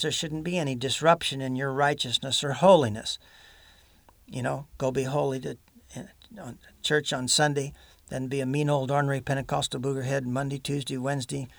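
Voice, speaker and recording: A man's voice: fairly high pitch, gravelly, a bit bright, no room sound. A man preaching a sermon in an earnest, folksy way, mixing scripture with homespun humor.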